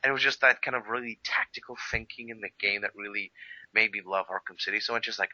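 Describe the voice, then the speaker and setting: An excitable man in casual conversation, jumping into acted-out quotes. His voice is bright and piercing, and the dry, close recording sounds a little muffled. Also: on the low side, fast talker, no echo. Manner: excitable, acts out quotes in a raised voice. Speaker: co-host of a game review discussion. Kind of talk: casual chat.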